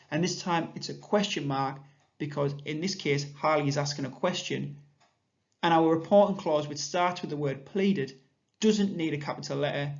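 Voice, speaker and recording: A primary school teacher with an English accent leads a recorded grammar lesson for young pupils, his voice sitting slightly high. He explains each step clearly and patiently, reading examples aloud with a lifted voice, and the recording sounds dull and lo-fi.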